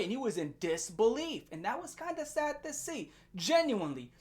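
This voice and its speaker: Young adult woman, commentary rant, fairly high pitch, very animated, profane, laughing. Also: moderate pace. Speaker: commentary channel host. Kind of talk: ranting commentary.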